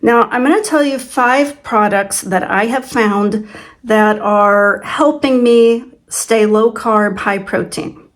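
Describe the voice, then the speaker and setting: A woman's voice: fairly high pitch, takes it slowly. A woman in her sixties hosting her own vlog, telling a personal story in a chatty, self-deprecating way. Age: 60s. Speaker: channel host. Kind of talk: casual vlog chat.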